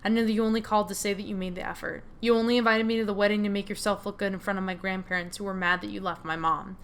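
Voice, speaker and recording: A woman voicing a hurt, angry young woman confronting her family, read in a steady, bitter tone while playing a game. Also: medium pitch, very fast, slight background noise, lightly acted. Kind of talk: reading game dialogue aloud.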